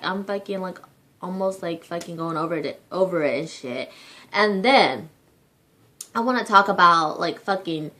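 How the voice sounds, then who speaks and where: A woman's voice: mid-range voice, sharp tone, a little hiss or hum. A young woman ranting to her viewers in a vlog, swearing constantly and leaning on filler words, sounding exasperated. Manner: profane, exasperated, heavy use of filler words. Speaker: vlogger. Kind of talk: casual rant to camera.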